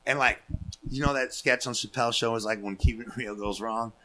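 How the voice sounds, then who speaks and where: A man's voice: mid-range voice, brisk. A man casually telling a long story on a podcast, swearing freely and acting out what people said. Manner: profane, animated, acts out quotes. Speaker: guest storyteller.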